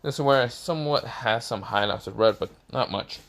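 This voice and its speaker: A man reading an improvised fan story aloud in a rambling, halting way full of fillers. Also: mid-range voice, a bit bright, slight background noise.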